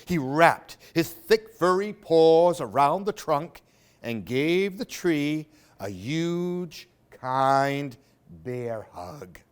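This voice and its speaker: A man reading picture books aloud for children in an expressive, sing-song way. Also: fairly high pitch, very slow, smooth. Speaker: storyteller for a library program.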